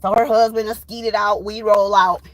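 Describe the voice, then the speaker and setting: A woman in her thirties, a tarot channel host, telling a personal story in a blunt, profane, animated way. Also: mid-range voice, moderate pace, no echo, poor audio. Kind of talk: casual storytime.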